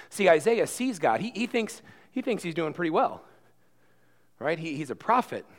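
A man preaching a sermon who swings between quiet asides and loud emphatic passages, repeating words as he builds. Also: fairly high pitch, sing-song, moderate pace. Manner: repeats and restarts words when worked up. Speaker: pastor.

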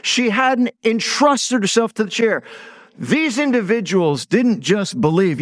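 Slightly high-voiced middle-aged male pastor. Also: expressive, a little slow. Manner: conversational storytelling with stressed words. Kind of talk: sermon.

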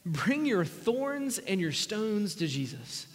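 Guy pastor w a high voice, earnest chatty sermon, long echo from the church hall. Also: very animated, slow, a little hiss or hum. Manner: earnest, conversational preaching that drops to near whispers. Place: church sanctuary.

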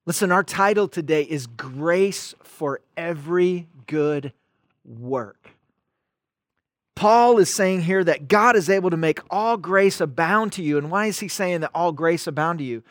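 A pastor preaching a sermon, stressing and repeating key words and calling out to viewers online. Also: male voice, on the high side, lively intonation, measured pace, no room sound, studio quality.

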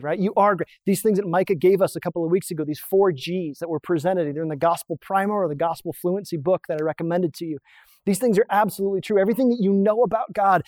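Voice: medium pitch, fast talker, mellow, no room sound, clean studio sound. A pastor giving a conversational sermon, explaining points on a drawn diagram and asking the listeners rhetorical questions.

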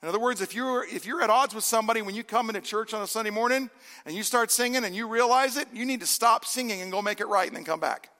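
A man's voice: high-pitched, fast talker, pushed and bright, long reverb tail. A man in his forties, a pastor preaching a sermon in a church in a conversational way, with self-deprecating humor. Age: 40s. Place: church sanctuary.

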